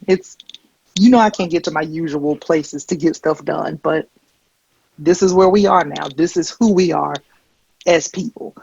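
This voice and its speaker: A woman comedian performing a stand-up set, telling stories with deadpan, wry asides into a handheld stage mic. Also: sits low, moderate pace, creaky, slightly rough, dull audio. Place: comedy stage before a live audience.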